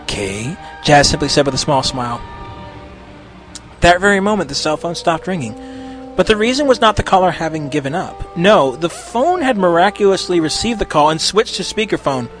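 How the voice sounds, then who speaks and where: Expressive male storyteller over soft music. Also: high-pitched, brisk. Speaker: narrator. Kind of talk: storybook reading of fan fiction.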